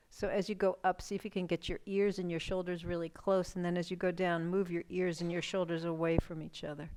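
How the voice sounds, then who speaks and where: A middle-aged woman guides a chair yoga class in a calm, gentle way, mixing slow cues for breath and stretches with easy, chatty asides. Her voice sits a little low. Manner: calm, gentle cueing with casual asides and yawns.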